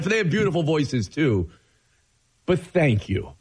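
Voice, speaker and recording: A man filling in as host of a sports talk radio show, excitable and gushing, with his voice cracking. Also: fairly high pitch, a little slow, slightly rough. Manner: excitable, gushing, laughs easily.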